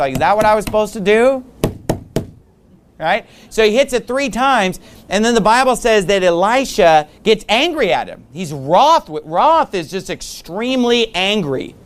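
Male pastor, high and smooth, slow scripture reading, conversational explaining, emphatic bursts. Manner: reads scripture slowly, then explains in plain chatty talk; rises to loud emphatic bursts. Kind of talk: sermon.

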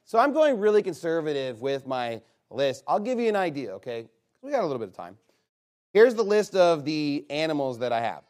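A man leading a casual game with an audience. He reads a long list aloud and breaks it up with quick, teasing asides. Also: fairly high pitch, sing-song, darkish tone. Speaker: game leader reading out his list to players.

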